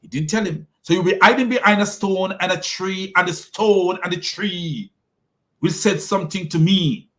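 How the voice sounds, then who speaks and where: A man giving mocking commentary, sarcastic and quick to laugh, with loud exclamations. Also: high voice.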